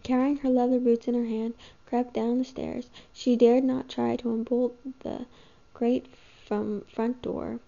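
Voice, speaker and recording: A woman reading a novel aloud with a gravelly voice, steady and even. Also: on the high side. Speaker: reader. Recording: dull lo-fi home recording.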